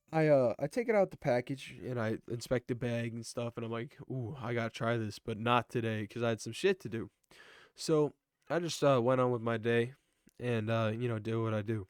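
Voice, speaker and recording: A man's voice: medium pitch, no echo, studio quality. Laid-back slangy young man telling a story. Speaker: vlogger. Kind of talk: casual storytelling.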